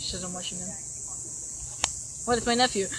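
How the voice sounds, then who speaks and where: Casting: mid-pitched young woman, rambling casual chat, noisy background. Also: fairly even intonation, a little fast. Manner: rambling storytelling with many fillers.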